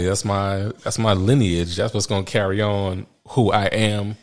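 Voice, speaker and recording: A man in his thirties speaks in a fairly low voice, telling parenting stories in a loose, candid way. He rambles, restarts and laughs often as he talks. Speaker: father sharing parenting stories. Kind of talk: casual personal storytelling.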